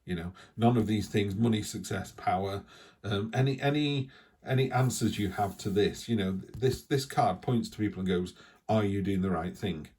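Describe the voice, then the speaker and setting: A man's voice: on the low side, normal speed, a little mellow, husky. A man giving a casual, rambling tarot reading, with frequent restarts and asides. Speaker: tarot reader.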